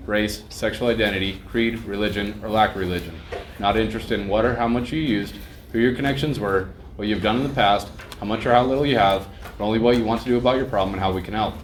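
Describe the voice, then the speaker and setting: A man reading a recovery text aloud at a support meeting, steady and brisk. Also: lowish voice. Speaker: meeting reader. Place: meeting hall. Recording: echoey meeting room with background noise.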